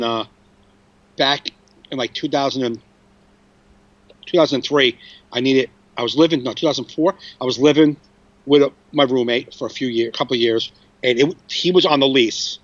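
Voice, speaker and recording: A man's voice: medium pitch, normal speed, long pauses, dry recording, lo-fi sound. A man in his forties, a comedian hosting a podcast, telling a story casually with restarts and swearing. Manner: rambling, frequent restarts and swearing.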